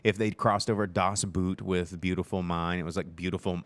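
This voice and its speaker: A man co-hosting a casual live-stream chat about movies, telling stories with a lively, animated delivery. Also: moderate pace. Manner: animated storytelling, acts out people in high silly voices. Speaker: podcast co-host. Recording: live-stream show recording.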